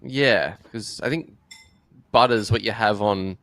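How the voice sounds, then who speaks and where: A man's voice: fairly low pitch, unhurried, a bit bright, no echo. A man doing live poker commentary in a playful, teasing way. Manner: playful, teasing, laughs easily.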